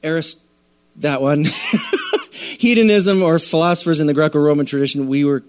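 A man preaching a sermon to a church congregation, animated and conversational, often acting out the voices of listeners. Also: a little high, moderate pace. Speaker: pastor.

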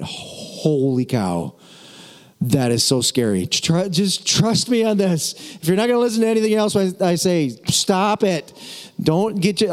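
A man's voice: mid-range voice, a little mellow. A man preaching a sermon as pastor, emphatic and repetitive, with casual asides to the congregation. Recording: long hall reverb.

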